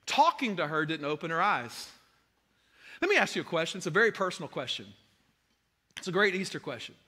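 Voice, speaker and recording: A pastor preaching with passion, his voice slightly high and strikingly bright and forceful. He moves from hushed, intimate tones to near shouting. The sound rings with the long reverb of a large church hall. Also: sing-song, fairly quick. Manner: impassioned, swings from hushed to shouting. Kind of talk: sermon.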